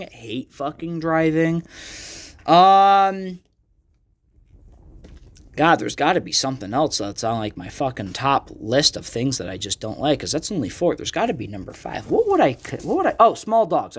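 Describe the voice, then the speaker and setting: Young guy podcast host swearing thru a rant, kinda high voice that bounces all over. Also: a bit bright. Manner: profane, ranting, self-deprecating. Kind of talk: casual solo podcast rant. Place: art gallery.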